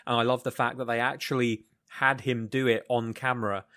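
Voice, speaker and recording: A man co-hosts a casual podcast discussion at a middle pitch. He sounds animated and eager, and he is quick to agree and to add his own points. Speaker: podcast co-host. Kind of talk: casual review chat.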